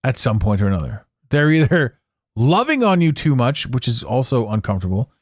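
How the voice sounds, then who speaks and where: A man's voice: mid-range voice, big pitch swings, a little fast, no echo, studio quality. A man hosting a podcast, talking in a blunt, profane, casual monologue. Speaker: podcast host.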